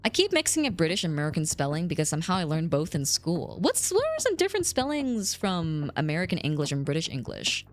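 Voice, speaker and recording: Low-voiced animated woman streamer. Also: fast, hardly any pauses, soft background music. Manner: reads chat aloud, animated, laughs often. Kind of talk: casual chat with live chat.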